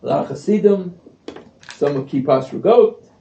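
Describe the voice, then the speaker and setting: Older man, gravelly and mellow, telling a lively story from a distance, dull echoey livestream sound. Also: fairly high pitch, normal speed, a little hiss or hum. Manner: animated storyteller acting out quotes. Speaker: speaker at a community event. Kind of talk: storytelling speech. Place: event hall.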